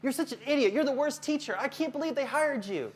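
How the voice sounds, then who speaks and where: A man voicing an irate parent who hurls insults at a teacher, with a raised, exasperated pitch. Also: expressive, fast talker. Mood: angry.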